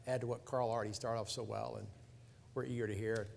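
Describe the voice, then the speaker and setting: A man's voice: medium pitch, flat delivery, fast, vocal fry, darkish tone, long reverb tail, a little hiss or hum. A man hosting, bantering jokingly and introducing the next speaker. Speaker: host.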